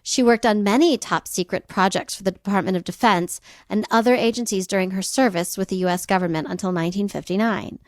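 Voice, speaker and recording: A woman's voice: medium pitch, brisk, hardly any pauses, no room sound, studio quality. A woman co-hosting a podcast, telling a history story in casual chat with slangy, laughing asides. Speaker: podcast co-host.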